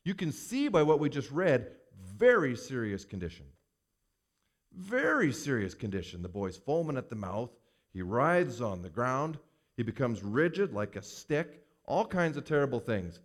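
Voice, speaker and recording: Pastor, male, sermon delivery, animated intonation, reads scripture then expounds emphatically. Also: medium pitch, moderate pace.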